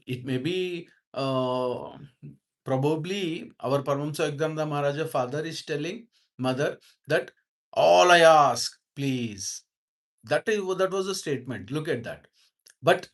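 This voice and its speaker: Man giving a slow spiritual reading talk. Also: mid-range voice. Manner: slow, repetitive explaining with many fillers and restarts. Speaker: spiritual teacher reading and explaining a book. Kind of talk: devotional book-study talk.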